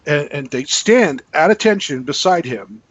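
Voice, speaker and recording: A man, a guest author, telling an animated anecdote in casual podcast chat, acting out the people in his story. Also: fairly high pitch, measured pace. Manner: animated storyteller, acts out quotes. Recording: muffled lo-fi podcast audio.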